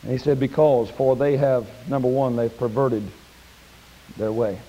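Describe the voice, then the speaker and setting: A man preaching a sermon in a church, folksy and plain-spoken, climbing to high shouted peaks. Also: steady tone, unhurried, muffled recording. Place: church sanctuary.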